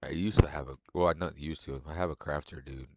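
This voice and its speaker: A man with a very deep voice rattles on quickly in a loose, profane stream chat with his viewers and laughs often. The sound is dry and close, through a dull lo-fi stream mic. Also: fairly even intonation, darkish tone, no echo. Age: adult. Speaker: game streamer. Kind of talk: casual live-stream chat.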